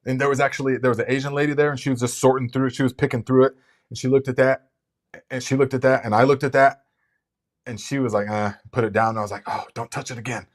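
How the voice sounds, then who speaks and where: A man's voice: mid-range voice, steady tone, fast. A man hosting a casual live gardening Q&A, chatty and rambling, with lots of fillers and restarts. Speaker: gardening channel host.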